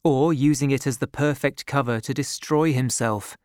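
A man reading a novel aloud as an audiobook narrator, with a measured, even storytelling delivery into a close studio microphone. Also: mid-range voice, clear, resonant tone, no echo.

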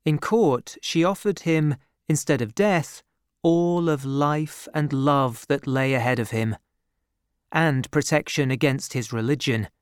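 A man reading a novel aloud as an audiobook narrator, with a measured, even storytelling delivery into a close studio microphone. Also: fairly high pitch, smooth, no echo.

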